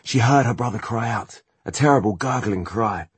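A man narrating a novel as an audiobook in a steady, measured reading. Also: mid-range voice, breathy edge, no room sound. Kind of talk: scripted narration.

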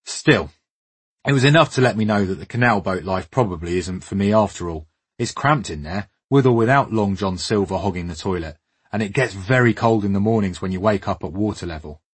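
A man narrates a scripted documentary in a wry, understated tone with dry humour. His voice sits a little low and husky. It is recorded close, with no room sound. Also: animated, brisk, no echo. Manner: wry, understated, dryly humorous. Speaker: travel documentary presenter.

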